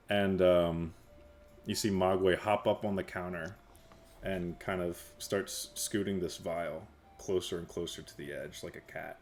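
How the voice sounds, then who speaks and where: A man's voice: low-pitched, fairly even intonation, unhurried, faint music behind. A man narrating as game master of a tabletop game, rambling through scenes with many fillers. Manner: rambling, filler-heavy storytelling.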